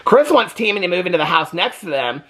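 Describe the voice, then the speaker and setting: A man giving a sassy, animated casual recap of a reality TV episode, often tagging lines with "okay?". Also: sits high, fast. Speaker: TV reaction vlogger.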